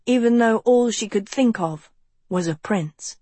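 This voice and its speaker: A woman narrating an audiobook in a measured, even storytelling manner. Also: medium pitch, husky, no echo.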